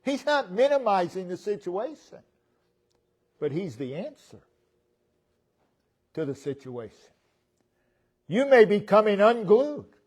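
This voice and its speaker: A man preaching a sermon as pastor, stressing single words and swinging between loud and soft. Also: high voice, very animated, measured pace, long pauses. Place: church sanctuary.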